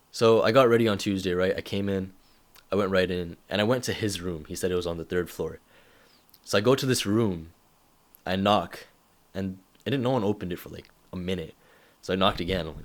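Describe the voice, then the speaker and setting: A man's voice: sits low, a little fast. A young man talking casually to camera, giving advice and acting out little stories with quoted voices. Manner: animated storytelling with acted-out quotes.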